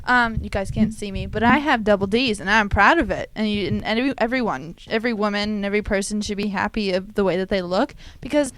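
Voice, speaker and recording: A woman's voice: mid-range voice, fast talker, few pauses, fairly bright tone, no room sound. A woman speaking emphatically in a casual group chat.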